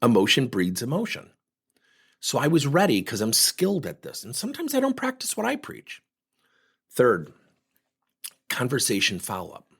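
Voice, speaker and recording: Hyper middle-aged guy telling coaching stories, kinda husky, voice jumps around a lot. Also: medium pitch, normal speed, pauses often. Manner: energetic, animated storytelling. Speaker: workplace communication coach. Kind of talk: podcast monologue with acted anecdotes.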